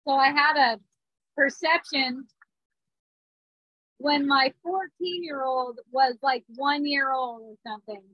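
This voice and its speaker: A woman's voice: sits high, slow, pauses often, no room sound, highs cut off. A woman in her thirties giving a spiritual talk, earnest, with small restarts and frequent check-ins. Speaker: spiritual teacher. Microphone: phone or device mic.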